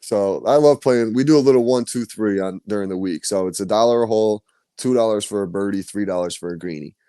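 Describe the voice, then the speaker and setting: A man's voice: lowish voice, fast talker, mellow, clear, resonant tone, no echo, clean studio sound. A man hosting a podcast, telling stories in loose, profane casual chat. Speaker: podcast host.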